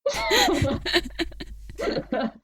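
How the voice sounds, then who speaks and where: A woman's voice: very high-pitched, extremely slow. A woman co-hosting a writing podcast in casual chat, laughing often. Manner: laughs often, chatty and animated. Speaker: podcast co-host.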